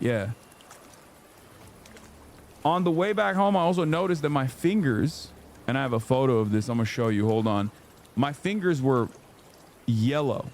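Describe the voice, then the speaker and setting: A man in his thirties telling a story on his livestream, casual, profane and animated, jumping into high-pitched quoted voices. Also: a little hiss or hum. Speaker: streamer.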